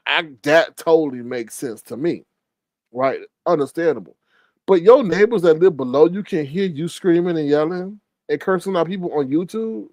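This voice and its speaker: A man hosting a casual gossip commentary, retelling a story with animated exclamations. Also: on the high side, no room sound. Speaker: commentary show host.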